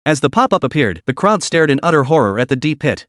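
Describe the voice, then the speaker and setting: A man's voice: a little high, sing-song, fast, hardly any pauses, fairly bright tone, no echo, clean studio sound. A man narrating a comic recap with dramatic storytelling.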